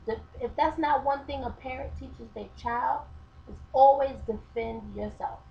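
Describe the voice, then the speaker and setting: A woman's voice: high-pitched, measured pace, vocal fry. A woman chatting in a casual vlog, telling a story with mocking asides. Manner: storytelling, mocking, acts out quotes. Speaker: vlogger. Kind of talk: casual opinion chat. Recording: dull lo-fi webcam sound with faint hiss.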